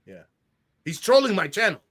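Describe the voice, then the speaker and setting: A man hosting a casual talk show, reading out comments with animated indignation and laughing as he goes. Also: high-pitched, normal speed. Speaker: podcast host.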